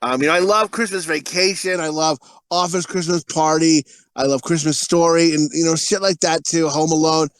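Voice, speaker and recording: A man's voice: a little high, steady tone, normal speed, hardly any pauses, dry recording. A man co-hosting a podcast, talking in a crude, rambling way and laughing often. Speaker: podcast co-host. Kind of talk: casual podcast chat.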